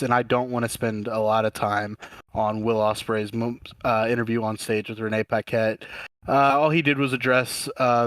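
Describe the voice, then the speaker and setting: A man's voice: medium pitch, fairly bright tone, no room sound. Laid-back man recapping wrestling, dry sound. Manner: rambling, laughs often, recounts segments with quoted lines. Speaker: podcast co-host. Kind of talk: casual wrestling recap chat.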